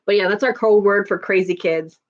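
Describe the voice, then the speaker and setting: A woman's voice: medium pitch, brisk, highs cut off. A woman in her thirties chatting casually on a live stream, laughing often and answering viewer comments.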